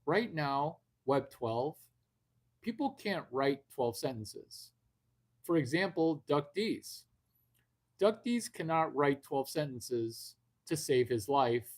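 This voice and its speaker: A man hosting a live stream in a brash, rambling way, swearing freely and calling out to his viewers. His voice sits a little high and he takes his time, drawing the words out slowly. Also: big pitch swings. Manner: brash, profane, rambling, addresses viewers directly. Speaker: livestream host. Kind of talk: unscripted livestream talk.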